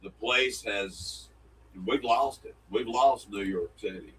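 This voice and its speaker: A man's voice: fairly low pitch, takes it slowly, a bit bright. A man co-hosting a casual morning show, rambling and joking as he restarts sentences. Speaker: co-host. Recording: distant mic, faint room noise.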